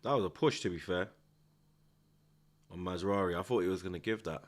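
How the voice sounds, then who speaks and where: A man's voice: low-pitched, moderate pace. Slangy London man reacting to football. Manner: slangy, teasing, excitable reactions. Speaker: host. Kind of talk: football watchalong commentary. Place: at home indoors.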